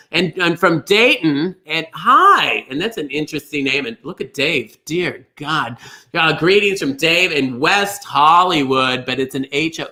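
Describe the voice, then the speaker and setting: A fussy, gushing middle-aged lady entertainer, played by a man, hosts a livestream and chats on and on. Her voice sits a little high and rings bright and forward. She drifts from thought to thought and greets each viewer by name. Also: heavily acted. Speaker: livestream bingo host. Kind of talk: chatty livestream hosting in character.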